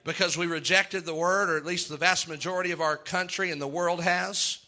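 A man preaching a sermon, chanting long lists in a slow rhythmic litany and chuckling between points. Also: sits high, steady tone, sharp tone.

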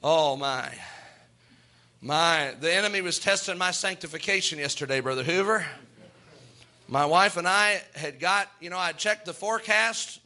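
Bright, high-voiced fervent male preacher. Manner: fervent, emphatic preaching with rising exclamations; folksy, self-deprecating storytelling. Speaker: pastor. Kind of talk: sermon.

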